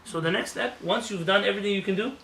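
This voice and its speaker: Male rabbi, fast animated sermon, raised pitch, roomy hall sound. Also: creaky, distant mic, slight background noise. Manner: animated, acts out voices, jokes with the congregation. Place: synagogue. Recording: roomy hall with faint ambience.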